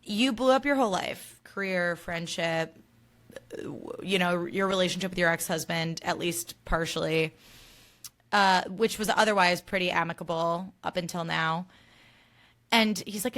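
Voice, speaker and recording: A woman's voice: on the low side, a little slow, fairly bright tone. A young woman hosting a podcast, giving a casual recap in an emphatic, ranting style and swearing freely. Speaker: podcast host.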